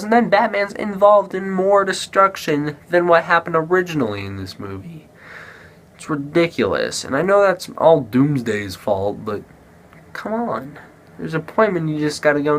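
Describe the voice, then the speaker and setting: A man's voice: on the high side, animated, moderate pace. A man giving a casual spoken movie review, rambling, restarting sentences and acting out characters' lines.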